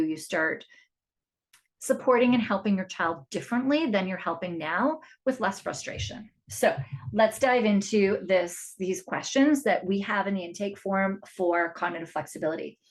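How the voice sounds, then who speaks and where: A woman's voice: medium pitch, moderate pace. A middle-aged woman hosting a solo parenting podcast, chatty and confiding, often restarting her sentences. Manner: chatty, warm-hearted and confiding, with frequent restarts. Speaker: podcast host and parent coach.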